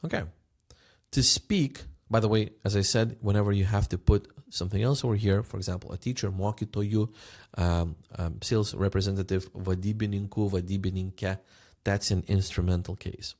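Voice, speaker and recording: Gravelly, low-voiced man teaching phrases. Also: fairly even intonation, darkish tone. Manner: patient, repeats phrases slowly for learners. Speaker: language teacher. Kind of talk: language lesson.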